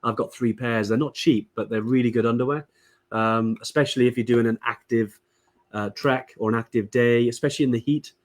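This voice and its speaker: A man's voice: medium pitch, steady tone, a little fast. A man from Wales co-hosting a casual live-stream chat, talking chattily with many fillers and restarts. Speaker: podcast co-host.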